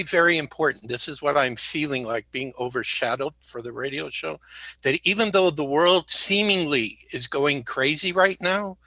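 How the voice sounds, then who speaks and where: A man's voice: fairly high pitch, pushed and bright, dry recording. A man speaking as a guest, rambling and joking as he talks and correcting himself mid-sentence, slightly sick. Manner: rambling, jokey, self-correcting. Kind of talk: casual interview talk.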